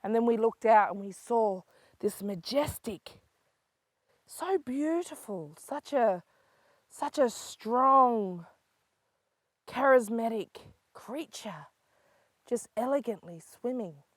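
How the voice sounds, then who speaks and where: An older woman from South Australia with an Aboriginal Australian English accent, telling a story for children in a lively voice that moves from hushed to excited. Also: fairly high pitch, takes it slowly, long pauses, no echo. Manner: lively, swings between hushed and excited calls.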